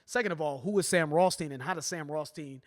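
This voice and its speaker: A man's voice: a little high, quick pace. A man hosting a music reaction video, talking casually and animatedly, often checking in with "right?" and re-rapping lines for emphasis. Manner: animated, keeps asking "right?" and "you know what I'm saying?"; quotes and re-raps lyrics with emphasis.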